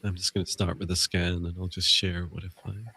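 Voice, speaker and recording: A man's voice: deep voice, level tone, a little fast, pushed and bright, husky. A man co-hosting a live spiritual stream, talking casually in a rambling way with lots of fillers and restarts, over a video call. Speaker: psychic mentor and co-host.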